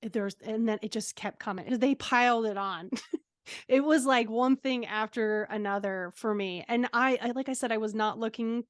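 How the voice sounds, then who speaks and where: A woman guest tells a personal story in a chatty, animated manner, laughing easily and saying "um" often. Her voice sits somewhat high. The sound is dry, with no room echo. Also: moderate pace. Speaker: guest, transformational coach.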